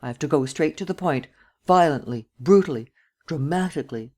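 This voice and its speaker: A woman reading a calm scheming master criminal. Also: deep voice. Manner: calm, deliberate, self-assured. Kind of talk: audiobook character reading.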